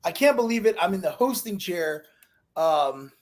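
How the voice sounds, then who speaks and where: A man's voice: high-pitched, expressive, moderate pace. A man from Chicago hosting a live online show, rambling with lots of fillers and joking. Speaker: host. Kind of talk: casual live show chat.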